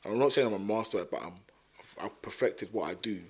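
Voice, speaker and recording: A man with a London accent, chatting casually as a podcast guest and telling stories in an animated way, full of fillers. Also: on the low side, fast, slightly rough. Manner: animated storyteller with many fillers. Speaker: podcast guest, content creator. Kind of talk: casual chat.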